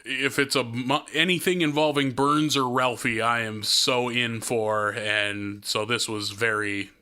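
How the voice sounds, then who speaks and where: Bright-voiced excitable man in his thirties. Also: medium pitch, a little slow, clean tone. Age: 30s. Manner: excitable, swears, laughs often. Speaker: podcast co-host. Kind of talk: casual chat.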